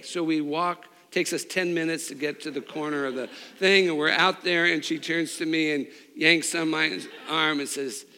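Bright-voiced male pastor in a reverberant hall. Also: on the high side, steady tone, moderate pace, hardly any pauses, smooth. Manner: storytelling with restarts, swings between loud and hushed. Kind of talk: sermon with a personal story.

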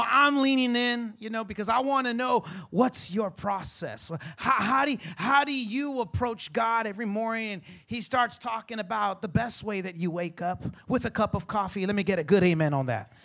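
A man in his thirties or forties preaching a sermon as pastor, telling lively stories about his kids with playful asides and stumbling repeats. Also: very high-pitched, fairly quick, hardly any pauses. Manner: animated storytelling with repeated words and playful asides.

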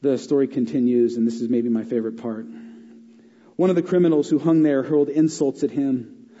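A middle-aged man preaching a sermon as a pastor, telling stories and swinging between lively and hushed delivery. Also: mid-range voice, a little fast, breathy edge. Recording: dull, echoey hall.

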